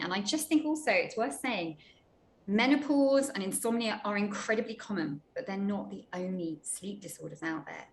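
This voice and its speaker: A woman doctor explaining sleep problems in a clear, reassuring way, with some small restarts. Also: mid-range voice, slight background noise, rough recording. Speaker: menopause doctor. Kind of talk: explaining to a panel.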